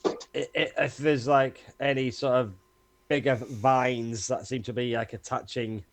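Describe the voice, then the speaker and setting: A man's voice: mid-range voice, fairly even intonation, unhurried, no room sound. Man player with dry close sound. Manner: rambling, self-correcting, playful. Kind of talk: casual tabletop play.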